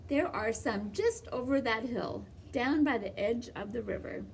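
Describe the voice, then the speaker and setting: A woman voicing a sly, smooth-talking male wolf in a storybook read-aloud, slow and silky. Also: a little high, slight background noise.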